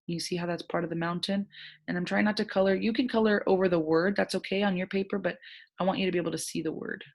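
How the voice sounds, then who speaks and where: A woman teaching a first grade phonics lesson, sounding out words slowly in a gentle, encouraging way. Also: lowish voice, steady tone, creaky. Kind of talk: recorded online phonics lesson.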